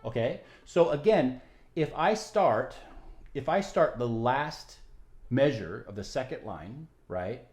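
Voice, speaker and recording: A male violin teacher walks through rhythm and bow technique patiently, checking understanding as he goes. His pitch rises and falls animatedly. The room rings with a roomy echo, with faint violin music in the background. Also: expressive, takes it slowly, a little mellow. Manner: patient, explains step by step, frequent "right?". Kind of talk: music tutorial. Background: violin playing.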